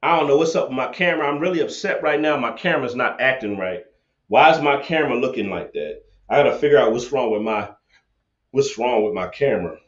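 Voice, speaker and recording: A man's voice: medium pitch, lively intonation, fairly quick. A man hosting a livestream debate, ranting confrontationally and repeating his points over a laptop webcam setup. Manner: confrontational, preachy, repeats himself. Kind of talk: livestream rant and call-in debate. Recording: echoey, dull lo-fi webcam audio.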